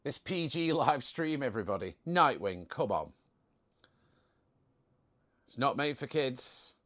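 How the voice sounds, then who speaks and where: A man's voice: mid-range voice, very animated, slow pace, a bit bright. A young man hosting a casual live stream, chatting in a jokey way and reading out viewer comments.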